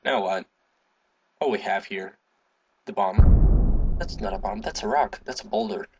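A man talks over a game in an unhurried, casual way, humming and swearing as he goes. His pitch swings widely, jumping into sudden high yelps when he gets excited. A faint hiss sits behind the voice. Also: vocal fry, lo-fi sound. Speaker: gaming video host. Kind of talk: casual gameplay commentary.

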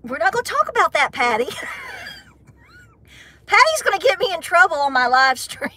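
A woman's voice: very high-pitched, big pitch swings, moderate pace, bright, forceful tone. A middle-aged woman with an Appalachian Southern accent, chatting and giggling casually with viewers on her homestead livestream. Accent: Southern American, Appalachian.

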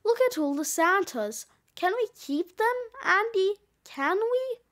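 Eager, pleading young boy, read by a woman, high voice, storybook. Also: very animated, slow, fairly bright tone, heavily acted.

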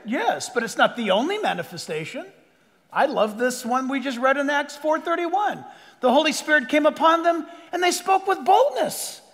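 Pastor, male, high voice, animated sermon delivery with bursts of shouting, long hall reverb. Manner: animated, energetic, sometimes shouting. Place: large church auditorium.

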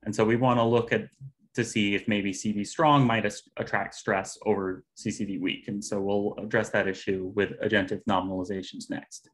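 Male presenter, lowish voice, steady explanatory academic talk, slight fillers, video-call mic. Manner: measured, explanatory, occasional fillers. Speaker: conference presenter.

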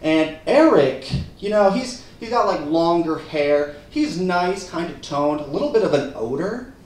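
An animated young man telling a stand-up story, his pitch swinging high and lively. He sounds a bit higher than most men. The mic picks him up from a distance in a very echoey theater, with faint background noise. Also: a little slow. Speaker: stand-up comedian. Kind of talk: stand-up comedy set. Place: theater stage with live audience.

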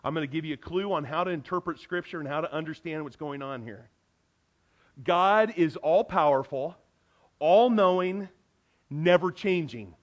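A middle-aged man preaching a sermon in a church, earnest and conversational, his loudness swinging from near-hushed asides to emphatic bursts. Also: fairly high pitch, moderate pace, highs cut off. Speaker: pastor. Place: church sanctuary.

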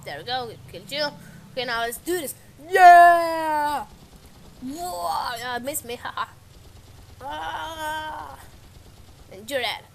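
Excitable woman taunting game enemies. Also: high-pitched, measured pace, vocal fry, long pauses. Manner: frequent exclamations and repeated words. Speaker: gameplay video maker. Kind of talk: gameplay commentary. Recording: music playing loud behind voice. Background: background music and game sounds.

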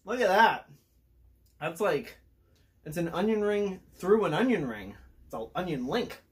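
A man hosting a casual food review vlog, excitable and talking while he chews. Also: sits high, a little slow. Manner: excitable, talks while chewing.

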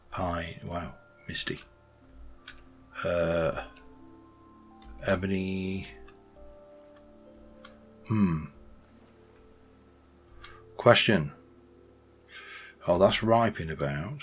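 A man's voice: low voice, animated, slow, pauses often, soft background music. A man rambling casually as he plays a game, thinking aloud and correcting himself. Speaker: Minecraft let's play host. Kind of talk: casual gameplay commentary.

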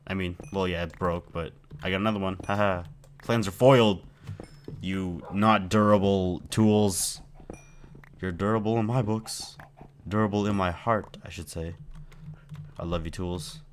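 A man's voice: deep voice, steady tone, a little slow, long pauses, slight background noise. A man giving rambling, playful commentary while playing a video game and chatting to his in-game pet. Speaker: gameplay video host. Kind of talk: casual let's-play commentary.

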